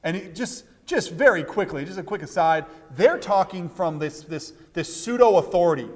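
A pastor delivers a sermon in a high, lively voice. He repeats words as he restarts, and he acts out quoted lines with energy. His voice carries a long reverb from the hall. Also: moderate pace, hardly any pauses. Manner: animated preaching with many restarts and acted-out quotes.

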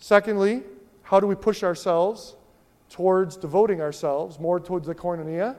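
A male pastor preaching a sermon in an animated way, repeating key phrases for emphasis. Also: high voice, normal speed. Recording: long hall reverb.

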